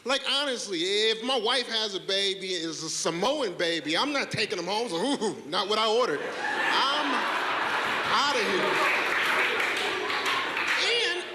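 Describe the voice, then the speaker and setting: A man's voice: high voice, big pitch swings, normal speed, few pauses, crowd noise. A male stand-up comedian doing a set to a live audience. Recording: echoey hall with background noise.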